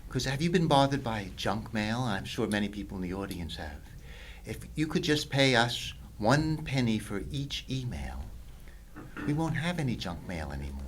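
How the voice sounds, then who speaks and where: A man guest doing satirical in-character comedy, talking haltingly with hesitant ums. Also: on the low side, big pitch swings, a little hiss or hum.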